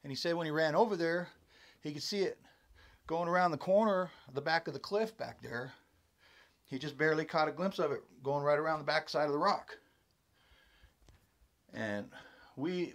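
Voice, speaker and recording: A man casually telling a story about something that happened to him, rambling and animated as he goes. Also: fairly high pitch, normal speed, long pauses. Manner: rambling and animated, acts out others' exclamations. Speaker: storyteller recounting his own encounter.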